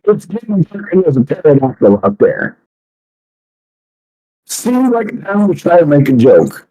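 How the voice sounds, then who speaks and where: A man's voice: on the high side, sing-song, measured pace, dark tone, husky, low-quality recording. A man playing a tabletop game, joking and swearing as he comments. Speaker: player. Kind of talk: tabletop role-play chat.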